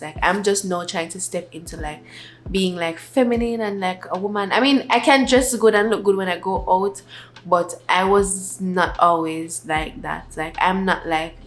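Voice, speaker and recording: A young woman vlogger in a casual sit-down chat, talking softly and rambling with many filler words. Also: fairly low pitch.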